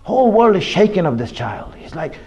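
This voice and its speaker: A man giving an impassioned sermon, swinging between loud pleading and hushed, quiet asides. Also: sits high, sing-song, a little fast. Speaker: preacher.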